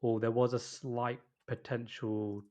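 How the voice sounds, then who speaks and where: A young man co-hosts a football podcast in a medium-pitched, warm voice, unhurried and flat in delivery. His casual football chat is hesitant, peppered with "you know" and frequent restarts.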